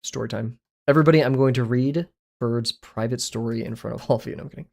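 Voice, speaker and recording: Gravelly-voiced male streamer chatting casually. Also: mid-range voice, fast, a little mellow. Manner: chatty, rambling, self-deprecating. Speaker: livestreaming artist. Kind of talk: casual livestream chat while drawing.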